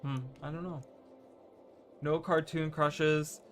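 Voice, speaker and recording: A rambling male streamer with a slightly high, level, somewhat bright voice takes his time, with slight background noise. Chatting casually while gaming, he trips over words, restarts, and teases his chat.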